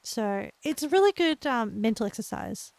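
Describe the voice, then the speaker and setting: A young woman with an Australian accent, chatting gently and encouragingly with her live viewers as a streamer, laughing often. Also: fairly high pitch, big pitch swings, normal speed, no room sound. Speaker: livestreamer. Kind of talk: casual chat with live viewers.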